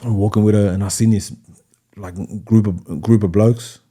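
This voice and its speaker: A young Australian man with a Sydney accent, telling stories on a podcast in a casual, animated way, acting out other people's voices with plenty of slang. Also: on the low side, normal speed. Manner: animated storyteller, acts out voices, heavy slang and swearing. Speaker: podcast guest, DJ.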